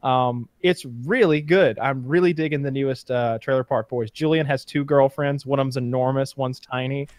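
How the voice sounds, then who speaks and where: Animated man telling a story, dry sound. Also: moderate pace, hardly any pauses, no echo. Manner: animated storytelling, rising in pitch when excited. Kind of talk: casual chat.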